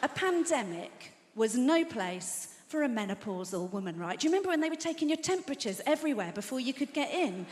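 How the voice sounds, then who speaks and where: A woman's voice: high voice, very animated, brisk, few pauses. A woman in her fifties doing a stand-up routine, telling wry, confessional stories to a live audience. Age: 50s. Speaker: stand-up comedian. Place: large theatre stage with live audience. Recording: reverberant hall, loud crowd noise.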